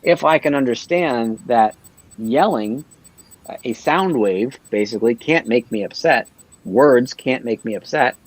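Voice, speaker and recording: A man's voice: medium pitch, dry recording, poor audio. A man talking earnestly on a livestream panel, explaining his ideas and often checking in with "right?".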